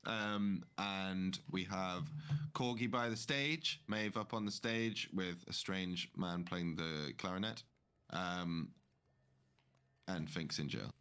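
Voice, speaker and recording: A man narrating a tabletop game as game master, relaxed and rambling with many fillers. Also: deep voice, takes it slowly, clear, resonant tone.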